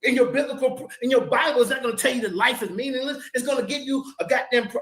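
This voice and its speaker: Brief: fiery debater, man, very high voice, preacher cadence, roomy sound. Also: quick pace, fairly bright tone. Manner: fiery, preacher-like, repeats words when stuck. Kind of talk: heated debate rebuttal.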